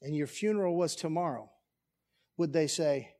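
A pastor with a notably high voice preaches to his church. He drives his points home with repeated rhetorical questions and forceful emphasis. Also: normal speed, long pauses. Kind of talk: sermon. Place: church sanctuary.

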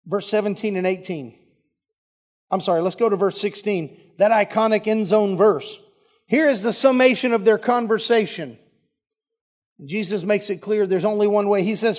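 High-voiced folksy pastor. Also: male voice, moderate pace, darkish tone. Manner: folksy, joking asides to the congregation. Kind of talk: sermon.

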